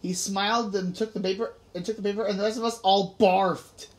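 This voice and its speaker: A woman's voice: medium pitch, steady tone, fairly quick, slight background noise. Woman reading an audiobook casually. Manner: casual, conversational narration. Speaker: audiobook reader. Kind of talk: audiobook narration.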